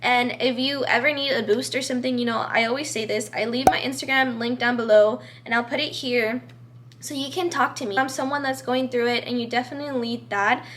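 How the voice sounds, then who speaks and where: A young woman talks straight to her camera, giving friendly advice in a casual, chatty way. Her voice sits high, and she fills her sentences with "like" and "you know" while staying earnest and encouraging. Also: fairly even intonation, fairly quick, a bit bright, slight background noise.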